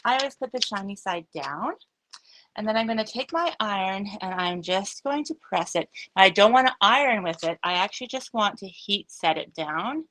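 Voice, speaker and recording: Bright, chatty woman hosting a craft demo. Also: mid-range voice, lively intonation, moderate pace, low-quality recording. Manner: chatty, upbeat, thinking aloud with frequent fillers. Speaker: craft studio host. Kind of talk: live craft demonstration.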